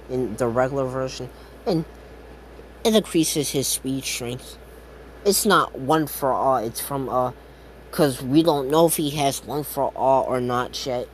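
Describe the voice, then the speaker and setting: A man's voice: mid-range voice, slight background noise. Rambling man making up a fan story. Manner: rambling, lots of fillers and self-corrections, casual swearing. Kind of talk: improvised fan-fiction narration.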